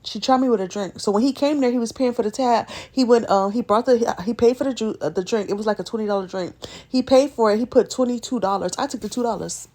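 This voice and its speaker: A woman's voice: a little high, fast talker. A woman telling a story in a casual, profane rant, acting out quoted lines in a raised voice. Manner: animated, profane, talks through quotes in raised voice.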